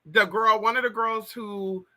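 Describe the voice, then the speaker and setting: A woman's voice: mid-range voice, fairly even intonation, a little slow, bright, forceful tone. A trans woman in her thirties from California, telling a gossipy story on a casual livestream and talking straight to her viewers with lots of "girl" and "y'all" asides. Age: 30s. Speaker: livestream host. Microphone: plug-in mic on a live stream.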